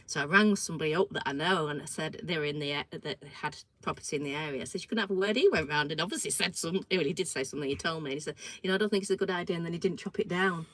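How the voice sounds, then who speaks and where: A woman's voice: deep voice, rapid-fire, hardly any pauses, no echo, rough recording. A middle-aged woman, co-hosting a casual chat show and telling stories animatedly, acting out what people said. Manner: animated storytelling, acts out quoted dialogue. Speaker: co-host.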